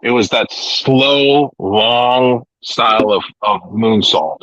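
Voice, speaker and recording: A man's voice: mid-range voice, slow, a bit bright, no room sound. A man hosting a casual wrestling talk podcast, rambling and retelling events with restarts. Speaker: podcast host. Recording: dull lo-fi recording, dry.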